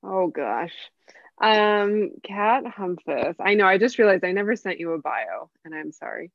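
A woman's voice: mid-range voice, lively intonation, unhurried, no room sound, dull audio. A woman chef from San Diego, guesting on a casual talk, speaking candidly with a rambling, laughing delivery. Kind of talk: casual conversational interview.

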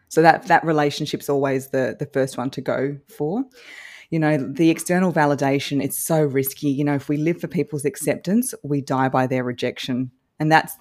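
Female guest, broadcast-trained and encouraging; pitched low. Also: a little mellow. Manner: polished newsreader-like delivery; upbeat, encouraging. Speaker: guest social media coach. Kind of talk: podcast advice conversation.

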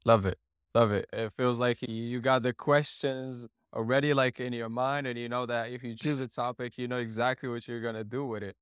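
A man's voice: medium pitch, fairly even intonation, brisk, smooth, dry recording, studio quality. A man hosting a podcast interview, asking curious, open questions and laughing easily. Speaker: podcast host.

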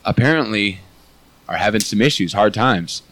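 A man hosting a comedy podcast, trading loose, profane jokes with his friends. His pitch swings widely as he talks, and his voice has a bright, forward edge. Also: animated, no room sound. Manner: joking, quick, swears freely. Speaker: podcast host. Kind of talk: casual comedy podcast banter.

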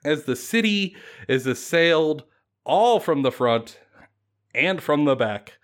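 Lively, slow-talking male storyteller. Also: fairly high pitch. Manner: animated, laughing, dramatic retelling. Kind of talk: casual storytelling chat.

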